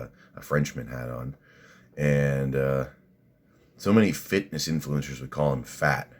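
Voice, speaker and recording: A man doing a casual video reaction, blunt and crude, rambling with fillers. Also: a bass voice.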